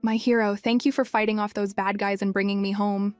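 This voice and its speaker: A woman's voice: mid-range voice, flat delivery, fairly quick, darkish tone, clear, resonant tone, dry recording, lo-fi sound, lightly acted. A woman voicing a coy, scheming seductress. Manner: coy, pleading. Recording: dry, music faint behind.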